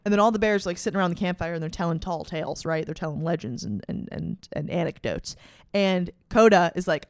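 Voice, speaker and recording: A woman's voice: fairly low pitch, animated, a little fast, darkish tone, no echo, clean studio sound. A young adult woman hosting a podcast, retelling a story in casual, profane, slang-filled chat with dramatic emphasis. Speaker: podcast host.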